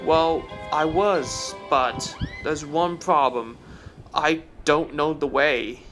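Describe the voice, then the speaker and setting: A man's voice: fairly high pitch, takes it slowly, fairly bright tone, soft background music. A man doing a lazy, whiny diesel engine. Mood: sluggish. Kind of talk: fan storytelling.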